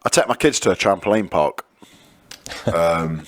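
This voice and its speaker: A man co-hosting a podcast, chatting and telling stories in an animated way, laughing and swearing freely. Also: sits low, measured pace. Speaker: podcast co-host. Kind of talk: casual banter and storytelling.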